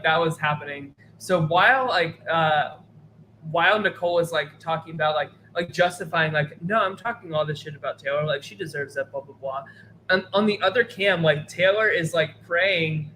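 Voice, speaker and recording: A man's voice: fairly high pitch, sharp tone, slight background noise, poor audio. A man hosting a casual reality TV podcast, rambling with lots of fillers. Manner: rambling, filler-heavy, quick to laugh. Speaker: podcast host. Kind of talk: casual chat.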